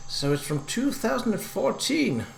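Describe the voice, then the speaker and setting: A man casually commenting on a video game as he plays, hesitant and halting, with frequent ums and restarts. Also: high-pitched, very animated, creaky, slight background noise. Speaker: let's play gamer. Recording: echoey room.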